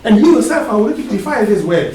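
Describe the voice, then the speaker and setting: Male preacher, very high voice, call-and-response sermon, questioning tags on his lines; far from the mic in a very echoey hall. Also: big pitch swings, rapid-fire, a little mellow. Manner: asks the congregation to finish his sentences. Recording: echoey hall, distant mic, faint hiss.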